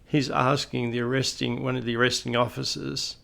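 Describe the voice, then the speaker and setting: A man's voice: mid-range voice, flat delivery, a little fast, gravelly, a bit bright. A middle-aged Australian man telling anecdotes in a casual, conversational way with folksy asides. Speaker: retired police officer storyteller.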